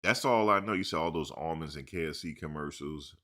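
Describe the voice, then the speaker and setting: A man with a low-pitched voice and a bright, forceful edge hosts a casual live chat. He talks loose and animated, heavy with slang and "dude", like he's chatting with friends. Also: fairly quick. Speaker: live stream host.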